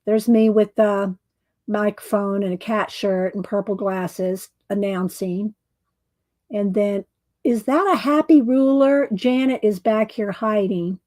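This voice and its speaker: A woman's voice: mid-range voice, warm tone, no room sound. A woman chatting casually about her crafts, rambling, searching for words and chuckling as she goes. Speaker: crafter showing her doll scenes. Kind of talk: casual chat.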